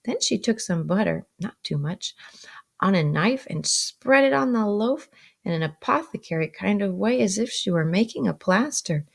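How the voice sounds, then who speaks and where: A woman's voice: medium pitch, expressive, normal speed, gravelly. A woman teacher reading a novel aloud and stopping to explain vocabulary, with frequent ums.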